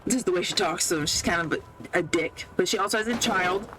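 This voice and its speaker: A woman's voice: lowish voice, fast talker, fairly bright tone, slight background noise, rough recording. A woman podcast host casually recapping a movie while playing a video game, sarcastic and full of swearing, laughing often.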